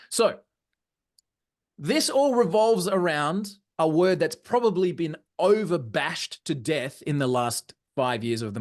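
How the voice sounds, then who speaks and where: A man presenting a live online training session, energetic and often checking in with his audience. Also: on the high side. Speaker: webinar presenter.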